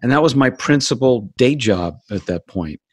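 A man's voice: medium pitch, expressive, moderate pace, breathy edge, no echo. A middle-aged man, a guest actor, chatting playfully and joking in an interview. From Hollywood, United States. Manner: playful, jokey. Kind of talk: casual interview chat.

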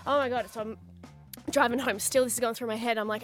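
High-voiced Australian woman, dramatic storyteller. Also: quick pace, soft background music. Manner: animated, dramatic, acts out her own panic with exclamations. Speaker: radio co-host. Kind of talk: casual radio banter, storytelling. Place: radio studio. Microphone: studio microphone.

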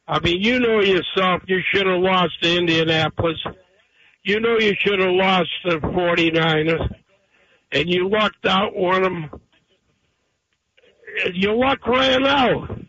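Smug high-voiced radio caller. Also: male voice, a little slow, sharp tone, no echo. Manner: needling, smug, sure of himself. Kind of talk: call-in sports radio talk. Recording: dull lo-fi phone-in line.

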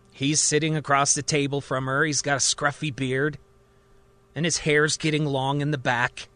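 A man's voice: medium pitch, bright, forceful tone, dry recording. A man narrating a story of his own in a conversational, vivid way.

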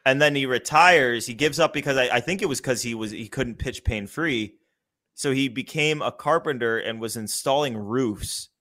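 A man's voice: medium pitch, moderate pace, bright, forceful tone. A man casually chatting about baseball as a podcast host, enthusiastic and loose, with the odd swear. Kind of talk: casual sports chat.

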